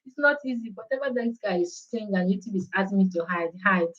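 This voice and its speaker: A woman's voice: mid-range voice, quick pace, fairly bright tone, reverberant, highs cut off. A Nigerian woman whose first language is Igbo, hosting a casual live-stream chat and mixing English, Pidgin and Italian in a chatty way.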